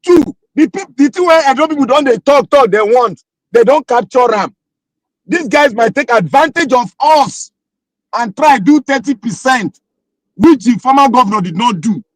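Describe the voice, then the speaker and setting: A man with a Nigerian accent, debating politics in an animated way and often talking over the other speaker. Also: very high voice, normal speed, no room sound, low-quality recording. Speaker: political commentator. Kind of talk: casual political debate in Nigerian Pidgin and English.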